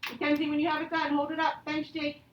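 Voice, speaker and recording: A woman teaching a grammar lesson to young pupils, patient and encouraging, reading example sentences out slowly. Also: sits high, completely flat delivery, muffled recording, a little hiss or hum. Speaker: elementary school teacher. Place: classroom, also streamed to pupils at home. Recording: echoey classroom from far off.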